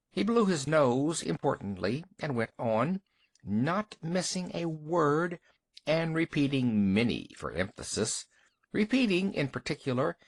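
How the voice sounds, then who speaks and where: A man narrating a short story for an audiobook in an expressive storytelling manner. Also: on the high side.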